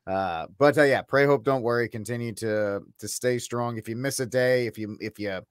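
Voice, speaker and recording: A man's voice: mid-range voice, normal speed, smooth, no echo, studio quality. A man hosting a casual talk show, jokily cueing the next segments. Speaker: host. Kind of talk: casual chat.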